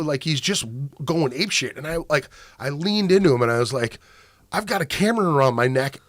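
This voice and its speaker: A man's voice: on the high side, animated, brisk, no room sound, studio quality. A man hosting a podcast, telling a long profane story in casual chat. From Minnesota. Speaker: podcast host.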